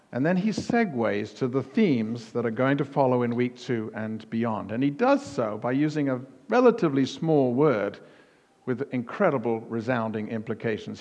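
A man preaching a sermon as pastor, emphatic, with punchy repetition that rises to near-shouts on key words. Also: mid-range voice, muffled recording. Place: church hall. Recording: long reverb of a church hall.

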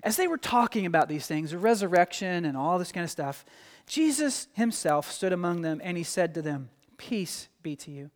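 A man preaching a sermon in a church, animated and acting out quoted voices. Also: sits high, a little fast. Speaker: pastor. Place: church sanctuary. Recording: long hall reverb.

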